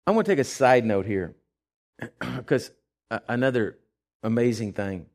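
A man's voice: medium pitch, expressive, measured pace, darkish tone. Male preacher, mid-range voice, conversational storyteller who builds to emphatic declarations. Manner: conversational with frequent fillers and restarts. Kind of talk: sermon.

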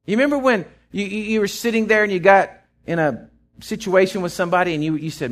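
A middle-aged man with a Texan accent, preaching a sermon in a folksy storytelling way, swinging from loud to hushed. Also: sits high, fast talker. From Texas. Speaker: pastor.

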